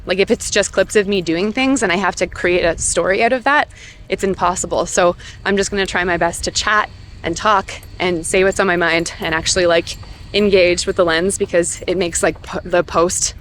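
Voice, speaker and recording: A woman's voice: on the low side, steady tone, moderate pace, fairly bright tone, slight background noise. A woman chatting casually to the camera in a vlog, laughing often and filling her talk with "like". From Canada. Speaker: vlogger caring for senior pugs. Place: outdoors on a quiet new-build street.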